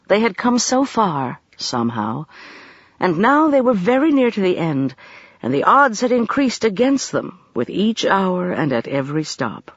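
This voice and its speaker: A narrator reading a novel aloud in a measured, expressive way. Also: mid-range voice, no echo, highs cut off. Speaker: audiobook narrator. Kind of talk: audiobook narration.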